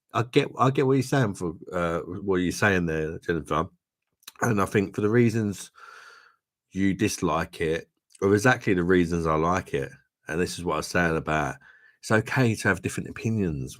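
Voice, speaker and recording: A man's voice: low-pitched, a bit bright. A man hosting a casual drinking livestream, tipsy, laughing often and calling people "mate". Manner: swearing, laughing, says "mate" a lot. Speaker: livestream host reading viewer comments. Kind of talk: casual chat.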